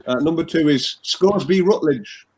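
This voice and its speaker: Guy on a video call rambling about silly names, highish voice, lots of uhs. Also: moderate pace, darkish tone, breathy edge, poor audio. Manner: rambling, whimsical, chuckling, many "uh" fillers. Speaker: game player. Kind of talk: casual banter on a streamed game.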